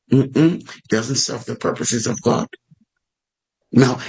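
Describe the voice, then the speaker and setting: A man preaching a sermon, acting out prayers with a raised voice and lively delivery. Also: medium pitch, breathy edge, low-quality recording.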